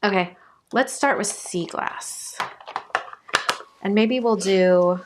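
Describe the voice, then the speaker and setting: A woman's voice: medium pitch, takes it slowly, background noise. A woman hosting a live crafting demonstration, chatting upbeat and narrating what her hands are doing, with the hiccups. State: has the hiccups. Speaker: crafting host.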